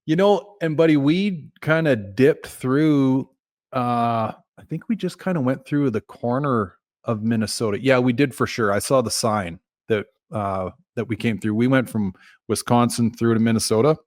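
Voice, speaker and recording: Canadian dude hosting a podcast, laid-back, swears a bit, dry close sound. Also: male voice, mid-range voice, normal speed, darkish tone, no room sound. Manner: laid-back, swears casually, chuckling asides. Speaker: podcast host. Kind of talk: casual chat.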